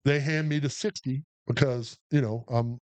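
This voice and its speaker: An army veteran co-hosts a podcast, telling a profane war story in a mid-range voice at normal speed. He's animated and casual, acting out the quotes as he goes.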